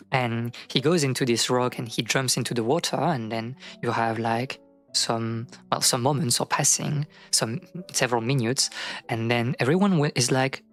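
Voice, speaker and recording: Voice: medium pitch, normal speed, fairly bright tone, soft background music. A streamer casually retelling a folk tale, rambling with many fillers and acting out the quotes.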